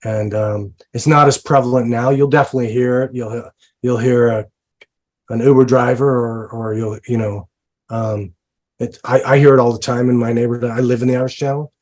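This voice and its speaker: A man's voice: mid-range voice, fairly even intonation, normal speed, darkish tone. A man, a film director, talking about his film in an interview, with many fillers and restarts. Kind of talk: interview conversation. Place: lives in New Orleans.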